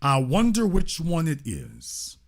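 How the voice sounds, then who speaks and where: A man's voice: on the high side, huge pitch swings, takes it slowly. A man from Louisiana hosting a call-in show, confrontational and insulting, pressing the same question again and again. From Shreveport, Louisiana. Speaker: show host.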